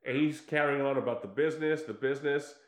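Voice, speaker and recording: Guy retelling a movie scene by scene, animated, swears a lot, roomy echo. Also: mid-range voice, fast talker. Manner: animated storytelling with acted-out quotes, swears freely. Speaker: podcast co-host recapping a film. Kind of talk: casual chat.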